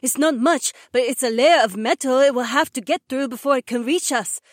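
Storybook: man putting on a worried young woman, high falsetto voice, dry close sound. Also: a little fast, no echo. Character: young women companions, Heywan and Becca, anxious. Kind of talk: audiobook narration.

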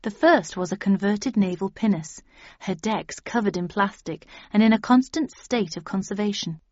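A woman's voice: medium pitch, normal speed, darkish tone, no echo, lo-fi sound. A woman reading a first-person story aloud, in a dry, wry manner. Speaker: audiobook narrator. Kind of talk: scripted first-person narration.

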